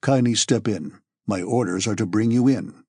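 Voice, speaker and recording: A man narrating an audiobook, voicing a huge, stern footman in a deep bass, speaking formally. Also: normal speed, darkish tone, breathy edge, dry recording, studio quality. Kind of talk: audiobook character voice.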